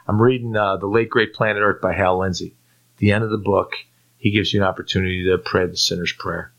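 A man from Turkey giving a personal faith testimony as a guest, acting out his own past lines and restarting often with repeated words. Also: on the low side. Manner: animated storyteller who acts out his own past lines; frequent repeated-word restarts.

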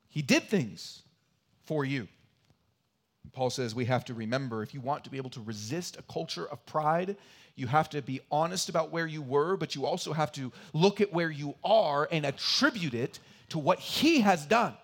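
A man preaching a sermon as pastor, earnest and repetitive for emphasis, swinging between loud emphatic lines and quiet asides. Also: fairly high pitch, animated, moderate pace. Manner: earnest, repeats key phrases for emphasis. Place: church.

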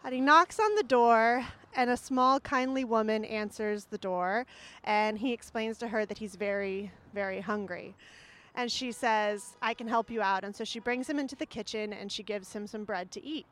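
A woman retelling a fairy tale in an animated, jokey way, with offhand asides. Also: a little high, moderate pace. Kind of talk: comic storytelling.

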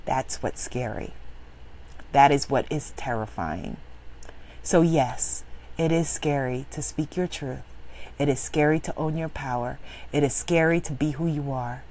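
A woman working as a spiritual business coach, giving a motivational speech in an emphatic, preachy way that swings from loud exclaiming to low, intense affirmations. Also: measured pace.

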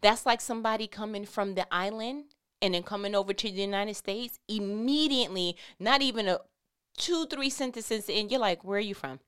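A woman's voice: medium pitch, normal speed, a bit bright, clear, resonant tone. A woman giving a casual, conversational Christian talk with emphatic, repetitive phrasing. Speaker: Christian speaker.

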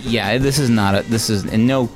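A man's voice: mid-range voice, normal speed, over music. A man hosting a casual podcast at home with friends, joking and leading the round of final thoughts. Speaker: podcast host. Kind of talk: casual chat, reading a review aloud.

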